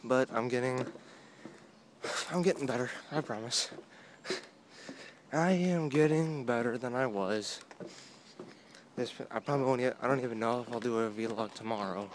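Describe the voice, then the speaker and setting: A man's voice: medium pitch, normal speed, long pauses. A young man vlogging outdoors on a boardwalk, talking into a phone at arm's length in a rambling, self-mocking way. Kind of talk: casual walking vlog. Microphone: phone held at arm's length. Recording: outdoor phone audio with steady noise.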